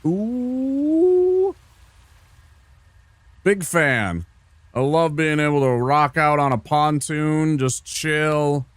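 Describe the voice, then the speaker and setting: A man's voice: a little high, takes it slowly, a bit bright, clean tone, no echo. A laid-back man from Minnesota streaming a game, rambling casually and talking to viewers by name. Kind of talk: casual gameplay chat with chat.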